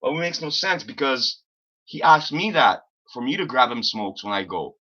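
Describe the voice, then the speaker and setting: A man talks through a long, exasperated story on a casual live stream, wandering and swearing as he goes. His voice is bright and forward, and the stream audio sounds a little dull and lo-fi. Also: mid-range voice, sing-song, moderate pace. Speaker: livestream host.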